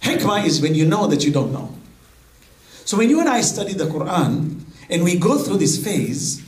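A man's voice: high voice, big pitch swings, normal speed. A man preaching a sermon, mixing Arabic quotations into his English. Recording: echoey hall.

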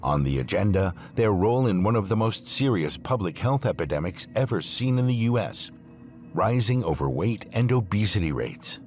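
A man reading scripted documentary narration in a measured, expressive way. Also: on the low side. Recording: narration over clear music.

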